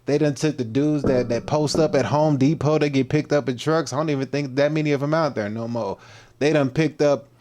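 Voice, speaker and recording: A man's voice: medium pitch, fairly quick, a little mellow. A man hosts a fitness livestream in a mid-range voice. He chats casually and greets viewers by name, with easy slang and loose rambling asides.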